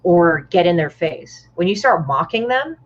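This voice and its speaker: A guest comic artist, this woman speaks a little slowly in a fairly low, sing-song voice, with slight background noise. She chats bluntly on a casual podcast, swears freely, and acts out others' lines, all in dull, muffled lo-fi audio.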